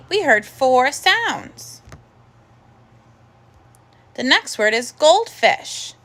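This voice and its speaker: Slow, bright-voiced woman teaching phonics. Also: high-pitched. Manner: slow, clear, encouraging teacher talk with drawn-out sounds. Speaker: first grade teacher. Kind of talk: recorded phonics lesson.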